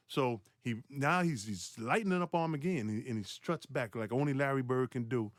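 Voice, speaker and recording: A former pro basketball player telling a story in a lively way, acting out quotes and laughing. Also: male voice, fairly quick, hardly any pauses, no room sound, studio quality. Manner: animated, acts out quotes with big pitch jumps, laughs. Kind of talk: animated storytelling on a podcast clip.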